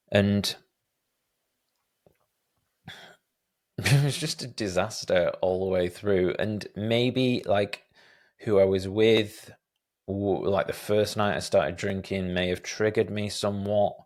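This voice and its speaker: A man in his thirties hosting a solo podcast, answering listener questions in a reflective, hesitant way with many fillers and restarts. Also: deep voice. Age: 30s. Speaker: podcast host.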